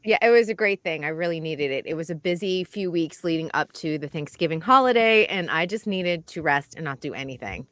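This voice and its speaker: A woman with a New England accent co-hosting a radio show, chatting in an animated way and laughing easily. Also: low-pitched, brisk, few pauses, dry recording. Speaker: radio co-host. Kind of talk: casual studio chat.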